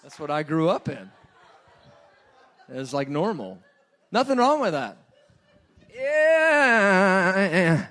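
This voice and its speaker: Animated joking male preacher. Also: high-pitched, takes it slowly, pauses often. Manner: animated, joking, rising to loud bursts. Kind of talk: sermon.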